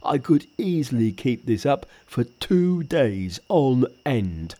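Man reading Pigsy, a loud grumbling pig-man. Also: mid-range voice, very animated, takes it slowly. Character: lazy greedy pig-man disciple. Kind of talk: audiobook reading.

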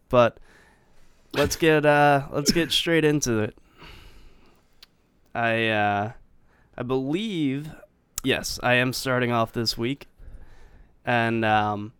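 A male podcast host with an exceptionally smooth, clean voice, recorded dry and close with no room sound. He talks in a loose, relaxed way, full of "um"s and casual swearing. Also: mid-range voice, dry recording. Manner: laid-back, swears freely, hesitant fillers.

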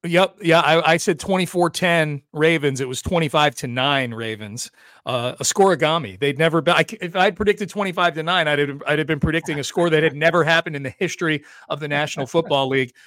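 A man hosting a sports talk podcast, chatty and energetic, talking quickly about football. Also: on the high side, dry recording, clean studio sound. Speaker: podcast host.

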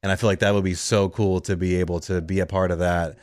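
A man's voice: sits low, no echo, clean studio sound. A man telling his career story as a guest in a casual interview, acting out quoted conversations. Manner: fast, animated storytelling with quoted dialogue. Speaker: guest, radio producer.

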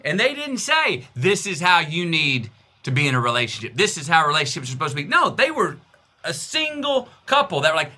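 Bright-voiced emphatic Texan man. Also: sing-song, fairly quick. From Texas. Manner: emphatic, repeats phrases, swings pitch widely. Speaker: guest. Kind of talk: conversational interview.

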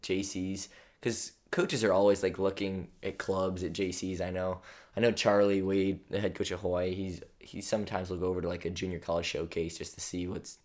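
A man's voice: low-pitched, level tone, normal speed, darkish tone. A young man co-hosting a casual chat, easygoing and filler-heavy, answering listener questions.

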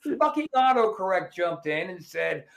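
A man hosting a podcast, telling stories in a profane, animated, casual way. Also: sits high, moderate pace, creaky, echoey room. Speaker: podcast host.

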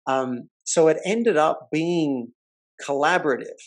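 The voice belongs to a man on the high side, talking unhurriedly as he hosts a podcast. His storytelling is casual and lively, and he voices the people in the tale himself.

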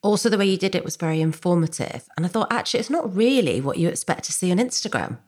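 A woman interviewing guests on a podcast, her voice sitting low. She asks considered, conversational questions at an easy pace. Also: animated, quick pace, a little mellow. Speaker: podcast host.

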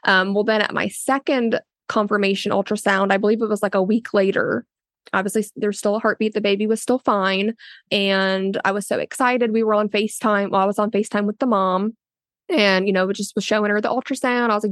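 A woman speaks as an interview guest, telling her story in an earnest, loose way full of fillers and restarts. Her voice sits in a middle pitch. The recording is dry and close, with no room echo. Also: brisk. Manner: often quotes others in a raised voice. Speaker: interviewee, a surrogate. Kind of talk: casual spoken interview.

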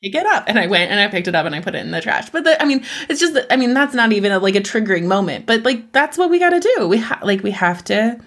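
Animated woman chatting about self-care. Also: mid-range voice, fast, few pauses. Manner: animated, acts out her own self-talk, laughs often. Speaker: podcast guest.

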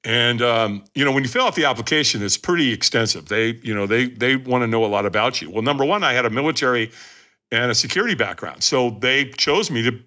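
Guy guesting on a podcast, telling his story all fired up, bright tone, keeps saying right?. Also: medium pitch, fast talker. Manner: emphatic, addresses listeners directly. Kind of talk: animated storytelling.

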